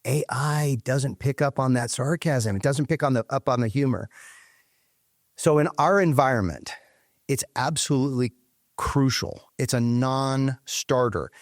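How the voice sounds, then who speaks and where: A man's voice: medium pitch, unhurried. A man talks through his points as a guest in an interview, acting out little phone scenes as he goes. His voice sits in the middle range. The sound is dry, with no room echo. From United States. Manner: animated storyteller, acts out phone callers. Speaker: guest, company leader. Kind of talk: conversational interview.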